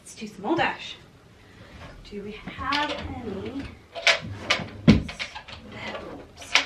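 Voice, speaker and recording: A woman's voice: on the high side, extremely slow, background noise. A woman, chatting casually and enthusiastically to camera at home, often laughing. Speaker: lifestyle vlogger. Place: at home, indoors.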